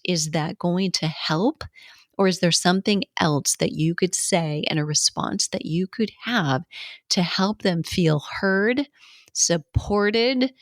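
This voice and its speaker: A middle-aged woman gives a coaching lesson in a fairly low, dry voice. She acts out what clients and coaches say and laughs often. Her talk sounds close and unroomy. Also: no room sound. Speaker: fitness and health coach.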